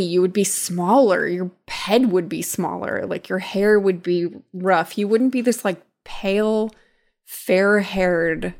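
Young woman with a creaky voice, chatting bluntly, kinda sarcastic. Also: fairly low pitch. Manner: blunt, sardonic, swears casually. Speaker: podcast co-host. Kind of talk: casual chat.

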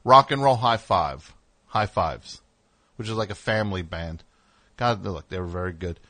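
Studio radio host, male, rambling wry storyteller with a lowish, punchy voice. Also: normal speed, a bit bright. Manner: rambling, self-correcting, wry asides. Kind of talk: casual storytelling.

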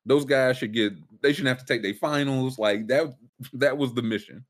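Hosting a laid-back sports podcast, this man rambles through fillers and restarts with a wry, sarcastic streak. His mid-range voice moves at a moderate pace.

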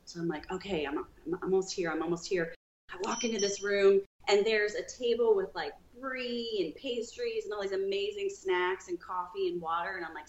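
A woman guest on a podcast, telling her own story with lively, acted-out dialogue. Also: medium pitch, a little fast, reverberant, dull audio. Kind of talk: storytelling in an interview.

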